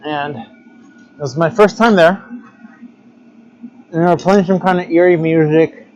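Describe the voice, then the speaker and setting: A man's voice: on the high side, slow, darkish tone, muffled recording, slight background noise. Man chatting while blowing glass. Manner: rambling, philosophical musing. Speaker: glassblowing instructor. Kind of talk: casual livestream chat while working.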